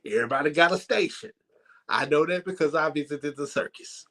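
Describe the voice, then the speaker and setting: A man hosting a church comedy night, telling a story in a lively, laughing way. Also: a little high, fairly quick. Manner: animated, laughs while telling. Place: church sanctuary.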